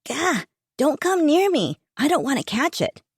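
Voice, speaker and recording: A cheeky teenage boy, voiced by a woman narrator in a storybook reading, blunt and teasing, his voice lifted a little higher than hers. He speaks bluntly and offhandedly, with a dry, close sound. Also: very animated, unhurried, no echo, exaggerated voice. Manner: blunt, teasing, talks with mouth full.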